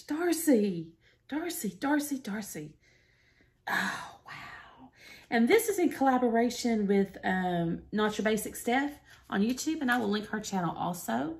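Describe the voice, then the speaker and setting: Gushing woman with a gravelly voice. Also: on the high side. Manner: gushing, gasping, often drops to a whisper. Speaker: makeup vlogger. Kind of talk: excited unboxing chat.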